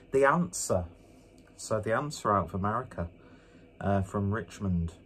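A man's voice: on the low side, a little hiss or hum. A man doing a casual beer review vlog, rambling along with joking, self-mocking asides, indoors with a fan running.

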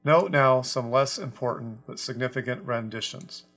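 Measured man teaching a scripture lesson. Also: medium pitch, a bit bright, slightly rough. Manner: deliberate, measured, stresses quoted words. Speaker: Bible teacher. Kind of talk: scripture lesson explaining a translation.

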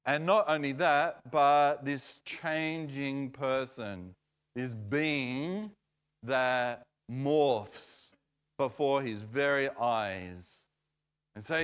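Man telling a story in church, slow and easy, nice smooth voice. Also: medium pitch, fairly bright tone. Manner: unhurried, playful storyteller. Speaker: preacher. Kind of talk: storytelling sermon.

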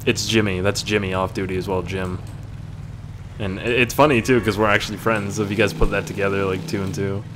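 A man commenting on his gameplay in a loose, rambling way, full of crude jokes. His voice sits low. Steady game noise runs underneath. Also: fairly quick. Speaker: gaming YouTuber.

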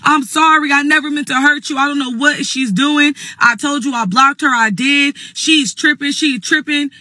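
A woman's voice: high voice, steady tone, normal speed, bright, forceful tone, no echo, pitched above the performer's own voice. A woman quoting her fiancé as a pleading, apologetic young man, repeating excuses.

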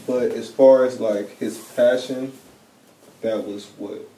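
A man's voice: mid-range voice, steady tone, slow pace, warm tone. A young man speaking casually and earnestly as an interviewer, with many fillers like "like" and "you know what I'm saying.". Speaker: interviewer, son of a late drummer. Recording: roomy sound from a distant mic.

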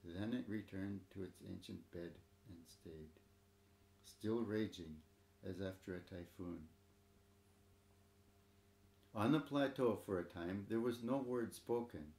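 Low, gravelly man reading a story. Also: slow pace, pauses often, a little mellow, reverberant. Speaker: narrator.

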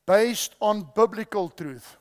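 Guy preaching, pretty high voice, repeats his points, asks the crowd stuff, big echoey hall. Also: slow pace, darkish tone. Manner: repeats key phrases, quizzes the audience. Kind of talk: sermon. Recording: long hall reverb.

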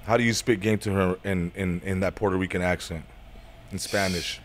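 A man's voice: deep voice, steady tone, moderate pace, slight background noise. A man in casual chat, playful and teasing, with lots of slang. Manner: playful, teasing, calls people dog.

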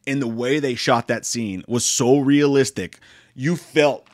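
A man's voice: medium pitch, a little slow. A young man giving a rambling, joking, profanity-filled movie review.

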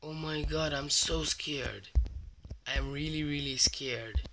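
A man's voice: fairly high pitch, slow, music in the background. Jittery young man whispering in fear. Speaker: gaming channel host. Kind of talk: scared mobile horror let's play.

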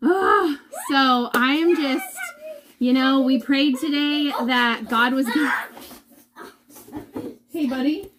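A woman speaks slowly in a high voice, pausing often, with background noise behind her. She's a mother sharing an emotional, heartfelt vlog update with her followers from inside her home, mentioning how she's holding back tears.

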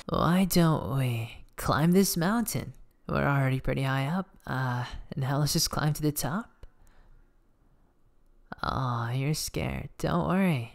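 A voice actor playing a cocky, teasing teenage boy volleyball setter in a soft, whispered role-play. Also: medium pitch, creaky. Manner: playful, teasing, soft-spoken. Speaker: ASMR voice actor.

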